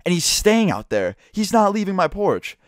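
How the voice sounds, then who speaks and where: A man's voice: high-pitched, very animated, moderate pace, no echo, studio quality. A teenage boy telling a casual storytime, rambling and profane, full of fillers. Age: teens.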